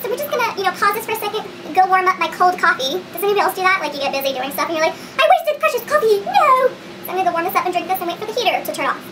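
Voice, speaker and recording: A woman's voice: very high voice, rapid-fire, recorded from a distance, very noisy. A woman beauty vlogger chatting casually through a makeup tutorial, rambling and giggling as she talks to her viewers.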